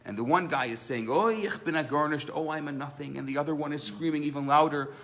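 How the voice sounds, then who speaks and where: A rabbi teaching a live class in a synagogue room. His voice sits a little high for a man, and he tells his stories with animated, acted-out quotes. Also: quick pace. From Canada. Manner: animated storyteller, acts out voices in his tales.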